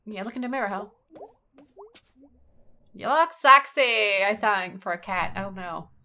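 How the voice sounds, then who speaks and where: A woman's voice: medium pitch, fast, bright, forceful tone. A young woman commenting over a video game let's play, irreverent and joking, swearing casually. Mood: teasing. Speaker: gaming channel host.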